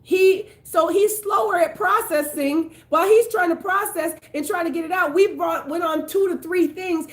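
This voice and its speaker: A woman prophetess giving lively, joking relationship advice in a preaching style. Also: very high-pitched. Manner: animated, laughing, quick to joke. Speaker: prophetess and co-host.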